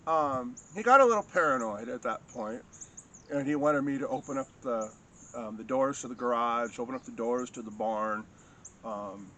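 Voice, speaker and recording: A man casually telling a long personal anecdote in a rambling, halting way, full of restarts and fillers. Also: medium pitch, a bit bright, a little hiss or hum. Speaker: storyteller recounting a personal encounter. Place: home in a rural farming area.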